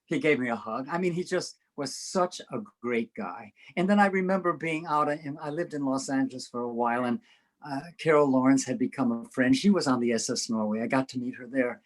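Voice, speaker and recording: An older man recounting stories from his years touring on stage, laughing often as he goes. He acts out the other people's lines in his own tale, which gives the telling plenty of swing. It sounds like a relaxed, chatty interview. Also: medium pitch, brisk, rough recording. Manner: animated storyteller, laughs often, acts out voices. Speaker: interview guest. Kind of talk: anecdotal storytelling.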